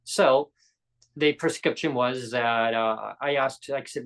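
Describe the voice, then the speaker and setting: A man's voice: medium pitch, unhurried, fairly bright tone, low-quality recording. A man hosting a live-streamed podcast, telling a long story casually and acting out the dialogue he quotes. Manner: rambling, acts out quoted dialogue. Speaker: podcast host.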